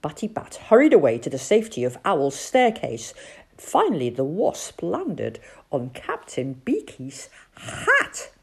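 Expressive woman reading a storybook. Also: low-pitched, unhurried, vocal fry, slightly rough. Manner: expressive, playful. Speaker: narrator.

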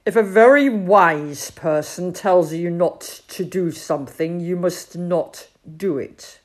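A woman voicing a self-important male owl in a storybook, speaking in a measured, lecturing way. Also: lowish voice. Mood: pompous.

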